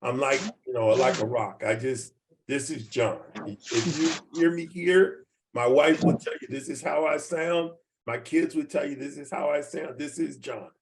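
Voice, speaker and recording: This unhurried, creaky mid-range voice belongs to a man in his seventies, with a faint hiss or hum in the background. He's leading a video-call team training in a folksy way, repeating himself and quizzing listeners to be sure they're with him.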